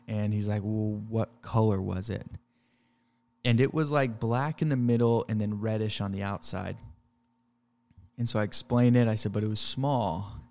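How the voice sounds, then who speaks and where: Guy rambling through a story, lowish voice, kinda echoey room with long reverb. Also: darkish tone. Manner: rambling, lots of fillers and restarts. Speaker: pest control technician. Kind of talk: casual storytelling.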